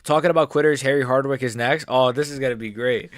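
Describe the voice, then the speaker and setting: A man giving casual live-stream commentary as an MMA YouTuber, rambling and excitable, often restarting his sentences. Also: mid-range voice, fast talker, no echo, clean studio sound.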